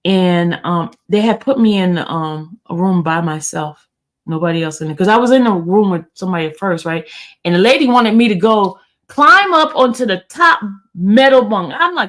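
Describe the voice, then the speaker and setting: A woman's voice: fairly low pitch, normal speed, a bit bright. Chatty woman telling a long story. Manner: rambling, chatty, lots of fillers and restarts, addresses viewers as y'all. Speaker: YouTube host. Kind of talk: casual storytelling to viewers.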